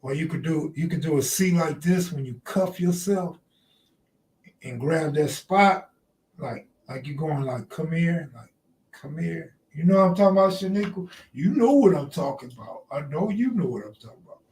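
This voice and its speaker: A man hosts a casual live stream, trading loose, joking banter with his chat. His voice sits slightly high. He is heard from a distance with a roomy echo. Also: lively intonation, moderate pace, a little mellow. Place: outdoors near the ocean.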